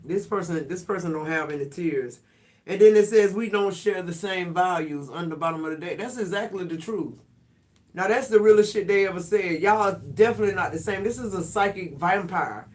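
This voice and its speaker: High-voiced blunt streaming tarot reader. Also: male voice, brisk. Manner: blunt, profane, streetwise banter. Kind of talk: casual livestream tarot reading.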